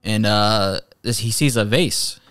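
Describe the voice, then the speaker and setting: A man's voice: on the low side, takes it slowly, a bit bright, dry recording, studio quality. A man casually reviewing an anime episode, retelling scenes in a rambling way with many fillers and restarts. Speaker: anime reviewer, channel host.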